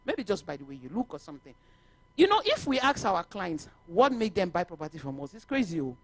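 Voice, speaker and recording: A woman with a Nigerian accent giving a talk to realtors at a conference, lively and mixing in Yoruba phrases. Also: on the low side, a little fast, no echo. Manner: animated, mixes Yoruba and English, laughs often. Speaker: conference speaker. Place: conference hall.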